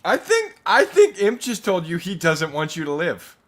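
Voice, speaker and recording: High, lively joking man. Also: normal speed, a little hiss or hum. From Illinois. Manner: joking, laughs often. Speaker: podcast co-host. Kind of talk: casual banter.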